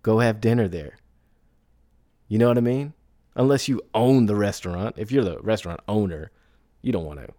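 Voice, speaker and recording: Speaking at a normal speed with frequent pauses, a man with a warm, lowish voice hosts a casual solo podcast. He keeps asking "right?" and laughing along the way, captured in a dry, studio-quality recording.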